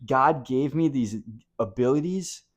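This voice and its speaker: A man giving a motivational talk to camera, blunt and impassioned, swinging from hushed to loud and swearing casually. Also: mid-range voice, measured pace. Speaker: motivational speaker.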